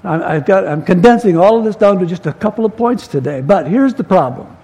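An older man preaching a sermon in a church, folksy and storytelling, with pauses and restarts. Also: high voice, expressive, a little mellow, slightly rough. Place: church sanctuary. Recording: long hall reverb.

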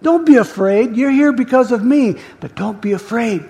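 A man's voice: very high-pitched, normal speed, dark tone, pitched above the performer's own voice. A man voicing Jesus as an earnest, soothing man who offers reassurance, heard in a reverberant hall. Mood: tender.

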